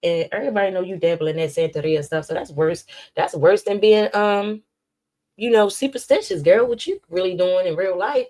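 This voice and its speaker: Woman host, low-pitched, sassy and animated gossip commentary. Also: fairly quick. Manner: sassy and animated, reacting loudly.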